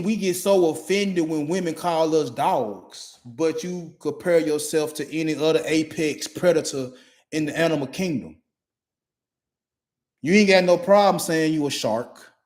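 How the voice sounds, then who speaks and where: A man's voice: on the high side, measured pace, pauses often, a little mellow. A man in his forties delivering a blunt, profane monologue in a repetitive, emphatic way.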